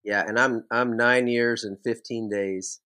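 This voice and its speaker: A man of average pitch hosting a podcast, trading old team stories in an easygoing, playful way. He moves from the jokes into questions for his guest. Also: steady tone, unhurried, bright, forceful tone, clean tone. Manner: easygoing storyteller, playful prankster tone. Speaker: podcast host, former ballplayer. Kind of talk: casual interview chat.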